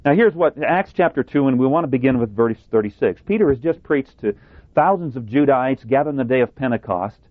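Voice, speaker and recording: A man preaching a sermon to a congregation, reading scripture and quoting others in a deliberate, emphatic manner with touches of sarcasm. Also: medium pitch, expressive, dry recording. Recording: tinny phone-like dry sound.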